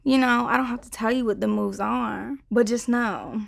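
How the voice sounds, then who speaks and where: A young woman in her twenties chats casually about making her song. Her voice sits a touch high with plenty of vocal fry, and it is recorded close and dry. She talks loosely, full of "like" and blunt swearing. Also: steady tone, normal speed, no room sound. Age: 20s. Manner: loose, slangy, peppered with "like" and swearing. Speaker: singer explaining her song. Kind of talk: casual talk to camera.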